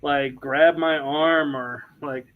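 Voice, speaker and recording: A man's voice: a little high, fairly even intonation, slow, narrow, tinny audio. A man from the US, a paranormal investigator and podcast co-host, telling an anecdote in casual chat and acting out the quoted dialogue.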